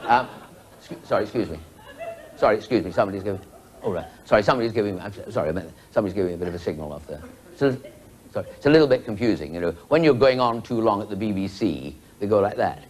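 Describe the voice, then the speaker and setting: A man's voice: on the low side, animated, very fast. A man telling a rambling joke at a TV birthday show, interrupting himself with asides. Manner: rambling, self-interrupting storyteller.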